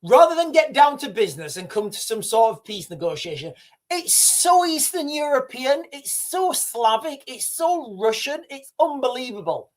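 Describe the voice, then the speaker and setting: A man's voice: high-pitched, animated, moderate pace. A middle-aged man giving casual livestream commentary, rambling, repeating himself and calling viewers guys. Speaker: livestream host.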